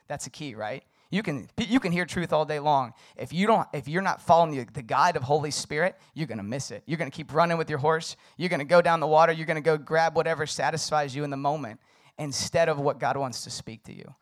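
Young male pastor, casual conversational sermon, relaxed and filler-heavy. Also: on the high side, quick pace.

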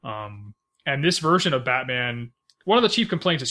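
A man's voice: medium pitch, big pitch swings, moderate pace, sharp tone. A man co-hosting a podcast, chatting casually about films, rambling with lots of fillers and restarts and laughing often. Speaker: podcast co-host. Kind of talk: casual movie chat.

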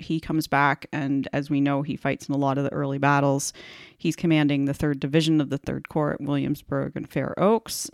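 A woman with a gravelly, fry-edged voice co-hosts a casual history podcast. She tells her stories with little jokes and self-deprecating asides. The sound is close and dry. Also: sits low, dry recording. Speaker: podcast co-host.

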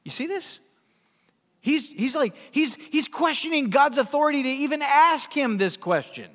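A man's voice: high voice, animated, normal speed, fairly bright tone, big-room sound. A man preaching a sermon, emphatic and full of rhetorical questions. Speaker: pastor.

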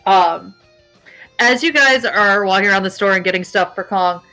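A woman's voice: mid-range voice, moderate pace, pushed and bright, faint music behind, rough recording. A woman narrating as game master, casual and chatty, with plenty of fillers. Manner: casual, filler-heavy narration with dog noises.

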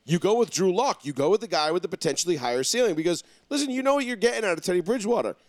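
A man's voice: high-pitched, lively intonation, very fast, no echo. A New man hosts a sports podcast in a slightly raised voice, rambling and swearing freely as he lays out his takes. The sound is dry and close, with no room around it. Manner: rambling, profane, self-assured. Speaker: podcast host. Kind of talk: casual sports talk.

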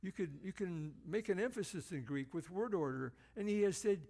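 Earnest gravelly-voiced male preacher. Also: sits high, expressive, darkish tone. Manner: earnest, emphatic, slows down to stress key phrases. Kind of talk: sermon.

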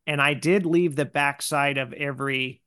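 A male podcast host chats easily, his voice smooth and resonant. The sound is dry and close, with no room around it. He talks in a loose, conversational way. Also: a little high, moderate pace, no room sound. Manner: relaxed, conversational, with frequent fillers. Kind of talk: casual podcast chat.

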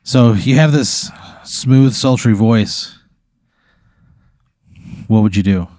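A man's voice: mid-range voice, slow pace, mellow. A man co-hosting a comedy podcast, spinning an improvised hypothetical in a rambling way with lots of fillers. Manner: rambling storyteller, many "like" fillers. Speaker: podcast co-host posing a hypothetical.

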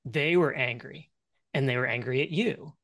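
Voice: mid-range voice, normal speed, gravelly, fairly bright tone, dry recording. A podcast guest speaking reflectively in casual chat and laughing easily.

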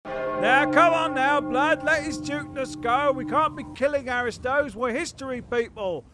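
A man's voice: very high-pitched, normal speed, over music, voice pushed up. A man voicing a nervous lawman who tries to coax and bargain. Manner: coaxing, placating.

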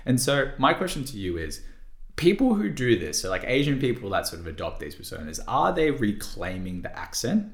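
A man's voice: mid-range voice, very animated, a little fast, reverberant. A man co-hosting a casual podcast discussion, thinking aloud with hesitant restarts and frequent fillers. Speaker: podcast co-host.

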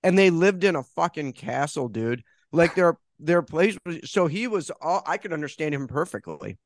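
An American man hosting a casual podcast chat, excitable and profane, laughing often. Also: a little high, normal speed, no room sound. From United States. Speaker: podcast host.

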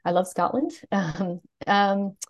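In a conversational interview, a woman with a General American accent speaks as a guest who researches media. Her mid-range voice moves slowly, yet she is animated and outspoken, thinking aloud and restarting her sentences.

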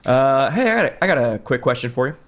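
A man co-hosting a comedy podcast, talking in a halting, dry way full of uh and um. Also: mid-range voice, sing-song, background noise. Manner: hesitant, lots of filler words, dry. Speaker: podcast co-host. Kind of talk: casual comedic chat.

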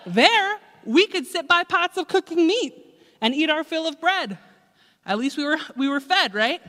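A woman voicing a panicking, grumbling crowd of wanderers in a shrill, whiny complaining tone. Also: very animated, moderate pace, sharp tone, full character voice. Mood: panicked whining. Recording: echoey hall.

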